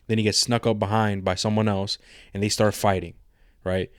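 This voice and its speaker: A man's voice: on the low side, level tone, normal speed, no echo, clean studio sound. A man co-hosting a podcast in casual chat, rambling in slang and retelling scenes with quoted lines. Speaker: podcast co-host.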